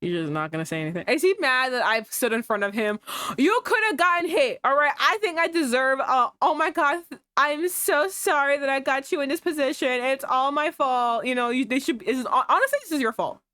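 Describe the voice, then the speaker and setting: A woman's voice: sits high, lively intonation, brisk, hardly any pauses, bright, forceful tone, dry recording. A woman streamer reading a romance game aloud and breaking off into sarcastic, swearing asides.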